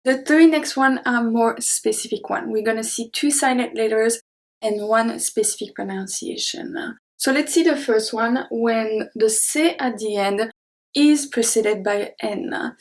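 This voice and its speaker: A young woman with a French accent leads a pronunciation lesson in an unhurried, patient way. Her voice sits slightly high, and she says each example word several times, clearly and deliberately. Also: rough recording. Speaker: French teacher.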